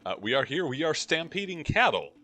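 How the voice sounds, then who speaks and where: Guy doing wry game commentary, bright bouncy voice. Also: fairly high pitch, very animated, fairly quick, faint music behind. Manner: wry, joking asides. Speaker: let's play host. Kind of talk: casual gameplay commentary.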